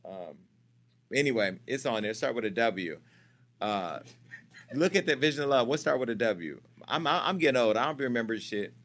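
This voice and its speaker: A man's voice: mid-range voice, animated, moderate pace, a bit bright. A man hosting a celebrity gossip show, talking in a brash, profane, teasing way as he chats casually and jokes with staff off camera.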